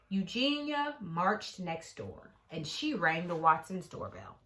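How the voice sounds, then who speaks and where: A woman narrating a children's storybook aloud with expressive reading. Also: fairly low pitch, slow pace, hardly any pauses. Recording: echoey room.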